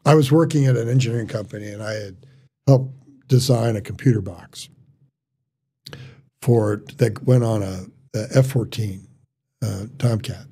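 A middle-aged man, a surgeon, telling stories in casual chat, halting with restarts and quoted dialogue. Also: on the low side, mellow, breathy edge. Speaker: surgeon guest.

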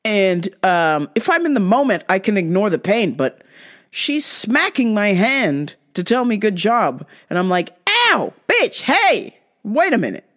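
Woman vlogger telling stories slow and lively, swears a lot, laughs a ton. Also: mid-range voice. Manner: profane, laughing often, acts out the people in her stories. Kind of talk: casual storytelling.

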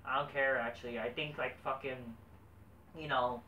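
A young man giving a rambling, profane, excitable casual review of a wrestling show. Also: mid-range voice, moderate pace, far from the mic, dull audio. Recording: echoey room, off-mic, faint noise.

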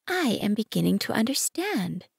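A woman voicing a gentle, curious young boy prince in an audiobook, asking questions in a soft, wondering way. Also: medium pitch, very animated, normal speed, gravelly, slightly rough, no echo, clean studio sound, voice pushed up, full character voice. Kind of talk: audiobook reading.

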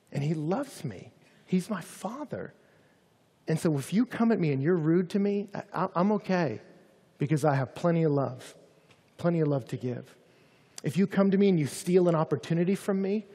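A man preaching a sermon, animated, often acting out angry voices. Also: fairly high pitch, breathy edge, long reverb tail. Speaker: pastor.

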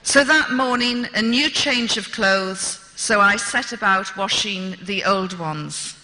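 Woman, bright and sharp tone, wry storyteller at a lecture, long hall echo. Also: mid-range voice, slow. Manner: dry humorous storytelling. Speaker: speaker.

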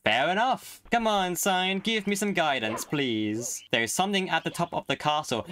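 A man's voice: fairly high pitch, normal speed, few pauses, slight background noise. A young man giving jokey live commentary while playing a video game, talking to the game and to his viewers. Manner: excitable, jokey, talks to the game and chat. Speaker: gaming YouTuber. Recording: game music behind the voice. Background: game music.

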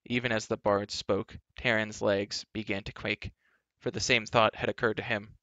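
A man reading a children's novel aloud as a storyteller, with an animated, varied delivery, on a dull lo-fi recording. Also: on the low side, moderate pace, no echo.

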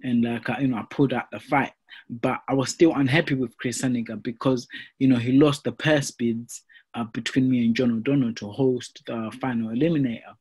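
A young man, a professional boxer, telling his career story in a casual interview, animated and full of fillers like "you know" and "mate". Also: mid-range voice, fairly quick, husky.

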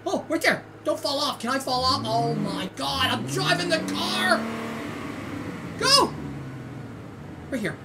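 A woman from Canada hosting a gaming channel, giving excitable let's-play commentary with squeals, shouts and laughter. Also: high-pitched, moderate pace, few pauses. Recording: distant mic with loud game noise.

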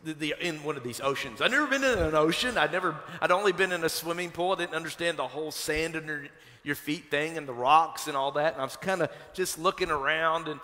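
A Kentucky-born pastor preaches to his congregation, slipping from prayer into an animated personal story. His voice sits a little high and rings bright and forceful. The sound carries the long reverb of a church sanctuary. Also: quick pace. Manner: conversational, building to animated storytelling.

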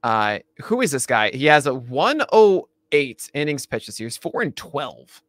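Animated bright-voiced man hosting chat. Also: medium pitch, unhurried, no echo. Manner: animated, laughs often, stumbles and restarts. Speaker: podcast co-host. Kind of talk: casual baseball chat.

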